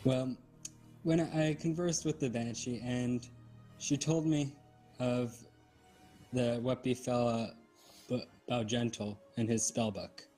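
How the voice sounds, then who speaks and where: A man's voice: medium pitch, steady tone, slow pace, warm tone, soft background music. A man playing his character in a tabletop game, playful and a little hesitant. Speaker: player.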